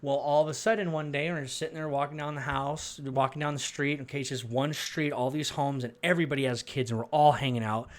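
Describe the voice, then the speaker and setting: A middle-aged man from Arizona telling a personal religious testimony, rambling and halting, with many restarts. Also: medium pitch, fairly even intonation. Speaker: storyteller.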